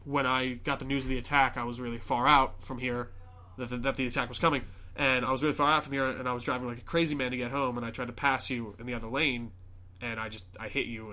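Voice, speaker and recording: A young man hosting a podcast, casually retelling a film scene by scene, acting out the characters and swearing often. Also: medium pitch. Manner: animated storyteller, acts out scenes, swears often. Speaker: podcast host. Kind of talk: casual movie recap chat.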